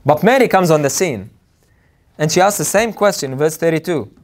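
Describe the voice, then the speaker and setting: Guy preaching a sermon, kinda high voice, earnest, repeats stuff for emphasis. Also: animated, brisk.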